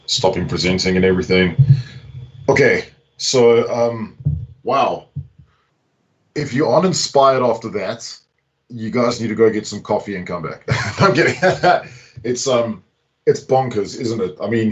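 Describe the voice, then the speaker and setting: A man hosts a live online event in an excitable, jokey way, chatting freely between speakers. His voice is low. The sound is muffled and lo-fi, as on a video call. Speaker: host. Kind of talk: casual live event hosting. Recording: dull lo-fi call audio.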